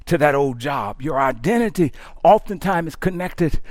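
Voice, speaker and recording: A man's voice: fairly high pitch, animated, normal speed, no room sound, studio quality. Man preaching with rising passion. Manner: impassioned preaching, swings from hushed to shouting; repeats words when building up. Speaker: pastor. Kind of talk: sermon.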